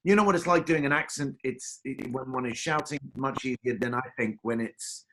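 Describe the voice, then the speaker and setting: A man's voice: medium pitch, moderate pace, a bit bright. A man hosting a casual interview on a video call, with florid, theatrical phrasing. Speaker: host. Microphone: video call microphone.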